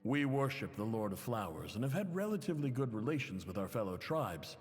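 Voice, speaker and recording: A man's voice: mid-range voice, very animated, a little fast, big-room sound. An actor playing a proud desert tribe chief and worried father who earnestly pleads for help, in game audio.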